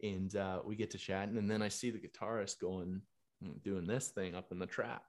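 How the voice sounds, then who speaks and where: Lively man telling a story. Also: deep voice, moderate pace. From Canada. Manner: animated, laughing, swears freely. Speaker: musician and fitness coach. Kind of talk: casual storytelling monologue.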